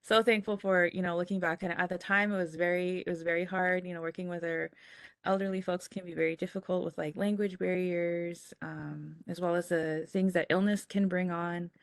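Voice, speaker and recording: A young woman on a video panel reflects on a personal experience in a soft, halting way, full of pauses. Her voice sits low with a gravelly edge. The sound is close and dry. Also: steady tone, no echo. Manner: soft, halting, with frequent fillers.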